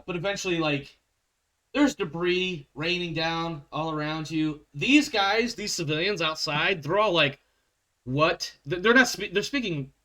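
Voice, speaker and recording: Male game master, relaxed and rambling, laughs a lot, bright tone. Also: on the high side. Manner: casual, rambling, laughs often. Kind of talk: narrating a tabletop game.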